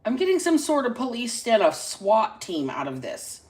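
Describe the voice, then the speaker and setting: A woman hosting a casual live-stream reading into a phone, chatty and salty, stretching out single words between quick asides. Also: a little high, huge pitch swings, darkish tone. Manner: chatty, drawls single words then talks fast. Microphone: phone camera.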